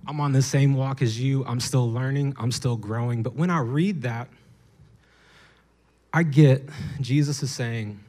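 A young man delivers a sermon in a lively, playful way. His voice sits at an ordinary middle pitch. He tells stories with energy and drops into little acted voices. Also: a little slow, pauses often. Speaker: preacher.

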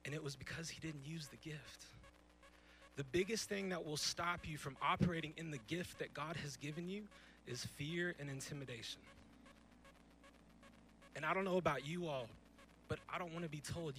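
Young male preacher, slightly high voice, bright tone, emphatic, conversational sermon, church stage. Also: moderate pace, pauses often, a little hiss or hum, low-quality recording. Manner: emphatic, conversational, rhetorical questions. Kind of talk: youth sermon.

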